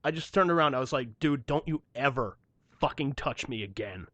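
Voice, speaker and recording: A man's voice: medium pitch, lively intonation, normal speed, a bit bright, no room sound. Profane young man telling a story. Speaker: podcast host. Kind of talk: casual chat.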